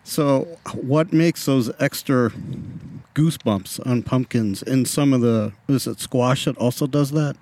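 A man's voice: mid-range voice, measured pace, a little mellow. A man hosting a casual interview, asking questions with dry teasing remarks.

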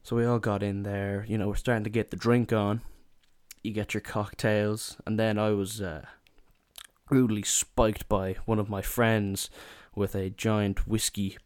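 Irish guy in his 20s, lowish voice, rambling funny story, dry close mic. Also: flat delivery, a little slow, darkish tone, clean tone, dry recording. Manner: rambling, full of "you know" and asides. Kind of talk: casual comic storytelling.

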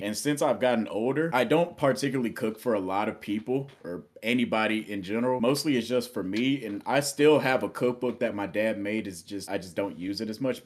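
A young man with a fairly low voice, talking as a veteran guest on a casual podcast. He tells his stories freely and acts out the back-and-forth he quotes. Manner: animated, acts out quoted exchanges. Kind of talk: casual storytelling.

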